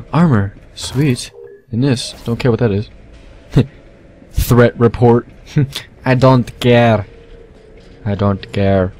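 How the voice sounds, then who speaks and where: A young man giving goofy, casual commentary over his own gameplay, talking to his weapons and now and then yelling at them. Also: mid-range voice, extremely slow, long pauses. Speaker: let's play gamer. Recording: faint game noise behind. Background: game gunfire.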